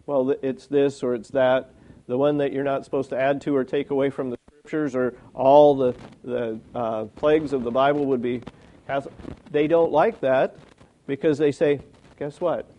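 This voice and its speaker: Mellow-voiced man preaching conversationally. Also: mid-range voice, fairly even intonation, moderate pace. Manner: plain conversational preaching with rhetorical questions. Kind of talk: sermon.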